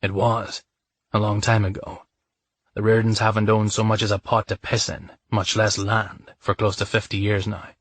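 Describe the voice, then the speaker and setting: A man playing a brooding, passionate male lover in a romance audiobook, speaking low and intimate. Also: flat delivery, normal speed, lightly acted. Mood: low, tender. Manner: low, intimate, sometimes gruff.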